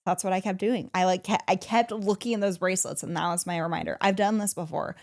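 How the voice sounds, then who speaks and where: Woman, podcast co-host, casual chat, excited storytelling, laughs a lot. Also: on the low side, fast talker.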